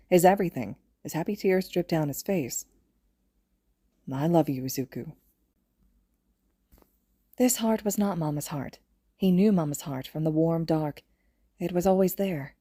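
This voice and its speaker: A woman reads fan fiction aloud in a gentle, even storytelling voice. Her voice is low and mellow. The recording is close and dry. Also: no echo. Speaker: podfic reader.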